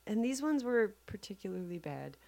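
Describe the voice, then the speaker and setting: A woman's voice: medium pitch, sing-song, normal speed, vocal fry, warm tone. A woman co-hosting a podcast in casual chat, joking and sarcastic. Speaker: podcast co-host.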